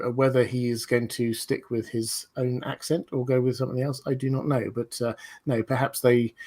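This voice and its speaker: A man hosting a casual livestream chat, thinking aloud as he goes. He rambles and digresses, often breaking off and starting his sentences again. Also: mid-range voice. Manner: rambling, digressive, many fillers and restarts. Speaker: host. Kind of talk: livestream discussion.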